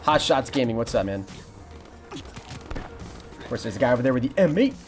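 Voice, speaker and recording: A young man commentating his live game stream, greeting viewers and answering chat in an excitable, casual way. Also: medium pitch, normal speed. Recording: music playing behind.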